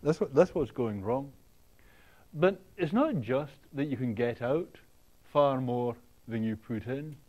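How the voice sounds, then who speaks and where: A man giving a university lecture, talking in a halting way with many ums and restarts, often checking in with the students. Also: mid-range voice, animated, darkish tone, muffled recording. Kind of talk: classroom lecture. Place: lecture hall.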